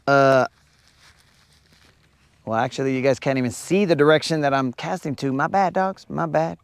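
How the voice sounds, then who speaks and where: A man's voice: mid-range voice, moderate pace, long pauses. A man hosting a fishing livestream from a lake, bantering with his chat in a playful, teasing, slangy way.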